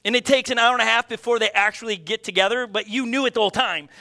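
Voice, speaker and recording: A middle-aged man preaching a sermon, energetic and conversational, with frequent restarts and acted-out asides. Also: very high voice, quick pace, creaky. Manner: energetic, restless, with many restarts and quoted asides. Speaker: pastor.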